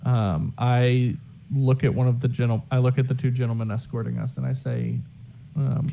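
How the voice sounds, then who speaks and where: A man playing a tabletop game, stating his character's actions in a hesitant, deliberate way. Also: mid-range voice, steady tone, gravelly, dark tone, slight background noise. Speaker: player. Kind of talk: tabletop role-play.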